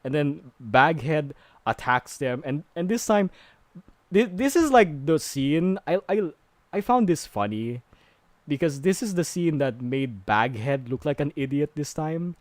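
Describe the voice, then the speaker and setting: A man's voice: on the high side, sing-song, unhurried, dry recording. A man streaming a casual movie recap, rambling with many fillers and growing exasperated.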